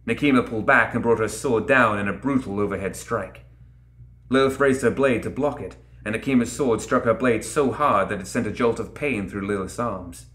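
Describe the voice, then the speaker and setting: Brief: low male narrator, dramatic storybook reading, roomy echo. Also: normal speed, fairly bright tone. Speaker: audiobook reader. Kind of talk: scripted fantasy narration.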